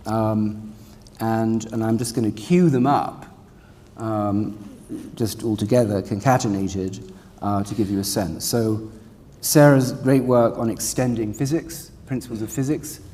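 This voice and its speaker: A man's voice: fairly low pitch, fairly even intonation, unhurried, mellow. A man moderating a panel on stage, introducing the guests in a loose, chatty way with many fillers. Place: stage in a large hall. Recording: long hall reverb.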